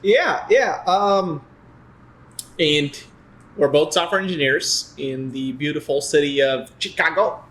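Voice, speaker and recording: A man's voice: fairly high pitch, takes it slowly, a bit bright. A man in his twenties co-hosting a podcast, chatting loosely and swearing casually. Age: 20s. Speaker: podcast co-host. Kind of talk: casual chat.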